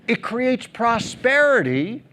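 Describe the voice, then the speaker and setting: Middle-aged male keynote speaker, high and very lively, humorous, plays to the audience. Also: takes it slowly, a little hiss or hum. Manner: animated, humorous, asks the audience questions. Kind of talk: conference keynote talk. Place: large theater stage.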